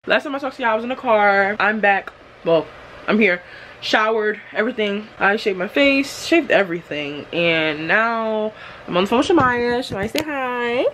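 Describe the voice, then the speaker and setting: A woman's voice: mid-range voice, animated, moderate pace, a bit bright, slight background noise. A teenage girl vlogging on her phone, talking casually and expressively to her viewers in slangy speech. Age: teens. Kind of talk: casual vlog talk to camera.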